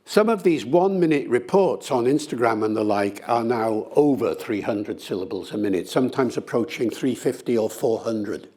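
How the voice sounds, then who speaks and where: An older man with a medium-pitched voice answers an interviewer's questions in an easy, conversational way. He talks with animated flair and shows his points through playful demonstrations. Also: slightly rough. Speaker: linguist being interviewed.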